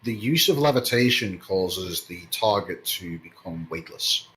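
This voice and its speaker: A man running a tabletop game as game master, giving measured rulings with a few hesitant fillers. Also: low-pitched, lively intonation, crowd noise, rough recording.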